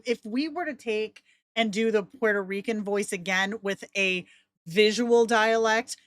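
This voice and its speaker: A woman's voice: on the high side, fairly bright tone, no echo, clean studio sound. Chatty woman hosting a tutorial. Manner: chatty, rambling, laughs often. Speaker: tutorial host. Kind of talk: casual screen-share tutorial.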